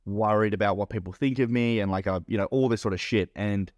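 A man's voice: lowish voice, a little fast, a little mellow, dry recording, clean studio sound. A man co-hosting a podcast, telling a story in a rambling, casual way, full of fillers and swearing. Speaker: podcast co-host and business owner.

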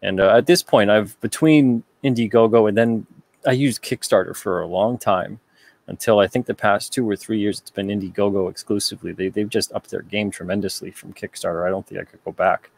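A man's voice: fairly low pitch, brisk, vocal fry. A man from the United States hosting a casual livestream, reading out viewer comments and answering them with rambling, joking asides.

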